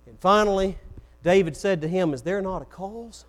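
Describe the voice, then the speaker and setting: A man's voice: high-pitched, normal speed. A man preaching a sermon, telling stories and acting out the quoted voices. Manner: storytelling, acts out quoted voices.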